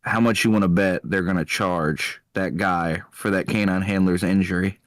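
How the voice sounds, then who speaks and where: A man's voice: low-pitched, fairly even intonation, normal speed, a little hiss or hum. A man co-hosting a casual show, making wry chuckling comments about police videos. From Texas. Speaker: podcast co-host, former police officer. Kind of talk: casual chat reacting to videos.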